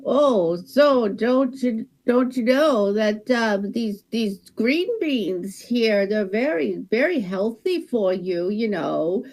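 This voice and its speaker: A woman's voice: very high-pitched, lively intonation, unhurried, a little mellow, poor audio. A woman playing a rambling grocery cashier. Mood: chatty. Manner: rambling, lots of ohs and fillers. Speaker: improv performer. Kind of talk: live improv monologue.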